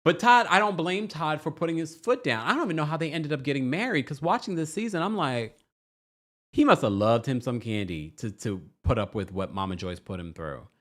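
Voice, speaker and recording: A man's voice: fairly high pitch, brisk. A man hosting a casual recap podcast, talking animatedly and acting out what people said. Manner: animated, acts out quotes in voices, laughs often. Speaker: podcast host.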